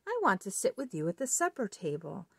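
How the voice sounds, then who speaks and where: A woman voicing a small, ugly, persistent male frog in a children's storybook read-aloud, in a high wheedling voice. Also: huge pitch swings, brisk, gravelly, a bit bright, breathy edge, no room sound, studio quality, exaggerated voice. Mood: coaxing.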